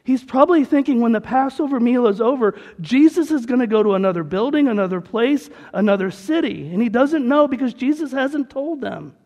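A man's voice: very high voice, animated, a little fast, few pauses, a little mellow. A man pastor preaching a sermon in an earnest, conversational way, with a long hall reverb.

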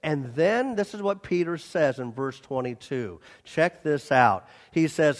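High-pitched male preacher, animated sermon, long hall reverb. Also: measured pace, hardly any pauses. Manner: animated, acts out scenes, repeats for emphasis. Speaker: pastor.

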